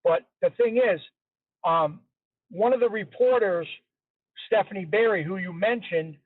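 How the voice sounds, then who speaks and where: A man tells his story as an interview guest, chatty and casual, circling back to repeat his points. His voice sits fairly high for a man. He comes through a tinny, phone-like line with a dry sound and no room echo. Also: unhurried. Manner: chatty, repeats himself for emphasis.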